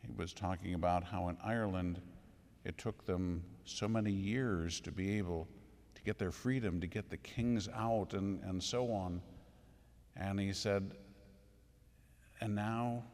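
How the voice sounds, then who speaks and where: A man's voice: deep voice, steady tone, measured pace, a little mellow. A man preaching a sermon, emphatic and full of rhetorical questions, in a church. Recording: echoey hall with long reverb.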